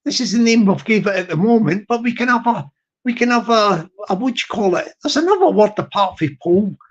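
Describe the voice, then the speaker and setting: A man hosting a livestream, rambling through a comic monologue with halting starts and repeated phrases. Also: sits high, animated. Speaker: livestream host. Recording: slightly muffled audio.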